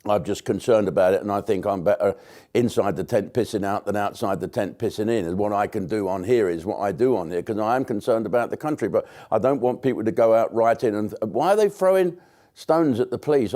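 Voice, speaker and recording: A British comedian talking in a rambling, blunt monologue to camera, with sarcastic asides and swearing. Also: male voice, lowish voice, dark tone. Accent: British English. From Britain.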